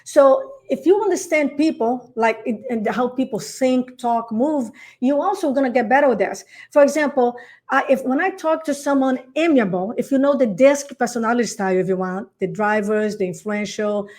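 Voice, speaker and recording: Animated woman. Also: fairly high pitch, moderate pace. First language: Portuguese. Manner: animated, acts out phone calls, says darling. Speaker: real estate coach. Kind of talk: podcast interview.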